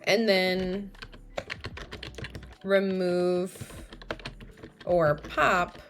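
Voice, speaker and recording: Slow, chatty woman streamer coding live. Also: fairly low pitch, little pitch movement, soft background music. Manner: chatty, greets viewers, corrects herself mid-sentence.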